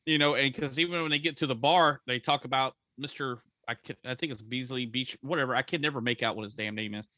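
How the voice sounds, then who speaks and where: A man's voice: medium pitch, fast talker, few pauses, pushed and bright, no echo. A young man co-hosting a podcast who chats casually in a blunt, profane, joking way. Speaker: podcast co-host. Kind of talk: casual chat.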